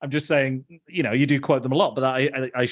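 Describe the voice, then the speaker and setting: A man hosts a casual film podcast in a mid-pitched voice. He rambles, restarts his sentences and laughs easily. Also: steady tone, fast talker. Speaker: podcast host.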